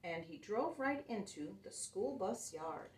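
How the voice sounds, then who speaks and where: A woman reads a picture book aloud for children, slow and sing-song, her pitch swooping up and down. She sounds a little distant, in a roomy space. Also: lively intonation, darkish tone. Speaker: children's storyteller.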